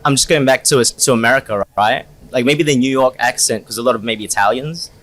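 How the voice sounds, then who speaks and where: A man co-hosting a podcast, chatty and quick to joke. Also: mid-range voice, fairly bright tone. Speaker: podcast co-host. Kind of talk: casual chat.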